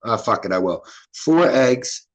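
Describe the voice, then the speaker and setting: Casting: relaxed Philly guy, loose and profane streaming chatter, mid-pitched voice. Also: a little slow. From Philadelphia. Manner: laid-back, profane, reading chat aloud. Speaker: livestream host. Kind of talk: casual livestream chat.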